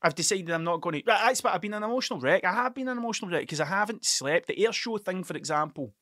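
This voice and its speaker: A man's voice: sits high, expressive, fast, bright, forceful tone, no room sound, studio quality. A man hosting a podcast, rambling through a casual monologue, swearing freely and stumbling over his words. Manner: rambling, sweary, stuttering storyteller. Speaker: podcast host.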